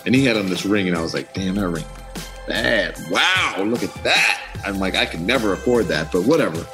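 A man telling a story as an interview guest, animated and acting out the voices of people in it. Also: deep voice, a little fast, soft background music. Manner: animated, acts out voices in anecdotes.

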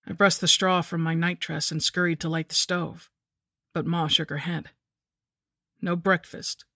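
A woman narrating a scripted horror story in a measured, somber way. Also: deep voice, little pitch movement, bright, forceful tone, no room sound, studio quality.

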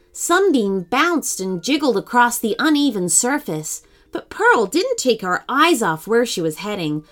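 A woman reads a children's adventure story aloud with lively, animated expression. Her voice sits fairly high and swings widely in pitch as she tells the tale. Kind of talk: children's bedtime story narration.

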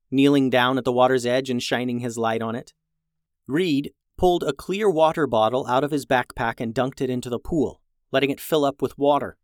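A narrator reading a children's storybook aloud, lively, shifting voices for each character. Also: mid-range voice, dry recording, studio quality.

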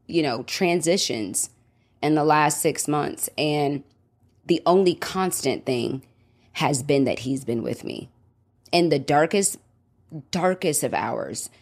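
Low-voiced woman in her 30s doing a faith podcast, earnest and reflective, lots of little restarts. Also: a little mellow. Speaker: podcast host. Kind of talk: faith podcast, reading a devotional then sharing personally.

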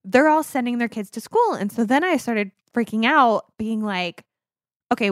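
A woman's voice: mid-range voice, dry recording, clean studio sound. A woman in her thirties co-hosting a podcast in casual chat, candid and rambling, often correcting herself mid-sentence. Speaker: podcast co-host.

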